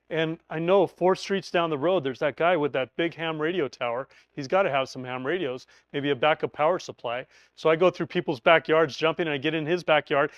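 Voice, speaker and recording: Guy teaching survival prep, tells it like a story, smooth slightly high voice, dull dry recording. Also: fast, few pauses, no room sound. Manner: animated storyteller who acts out quoted voices. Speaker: emergency preparedness instructor. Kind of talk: teaching through a spoken scenario.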